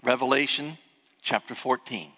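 An older man, a pastor, preaching a sermon and telling a story with animated emphasis. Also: medium pitch, normal speed, long reverb tail. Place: church sanctuary.

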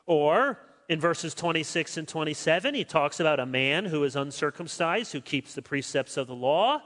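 A man preaching an expository sermon as a pastor. He talks emphatically, switches between quick stretches and slow, stressed words, and turns to his listeners with dry asides. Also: fairly high pitch, animated, fairly bright tone. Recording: long reverb of a large hall.

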